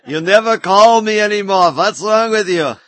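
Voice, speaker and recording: A man voicing a scolding old Jewish mother with a Yiddish-flavored put-on accent, loud and theatrical. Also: high-pitched, normal speed, voice pushed up. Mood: nagging. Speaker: voice actor.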